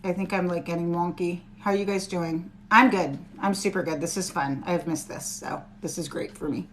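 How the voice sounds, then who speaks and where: A woman's voice: lowish voice, fairly even intonation, normal speed, slight background noise. Lady doing a live tarot stream, chatty and reassuring, talks right to her viewers. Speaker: tarot reader.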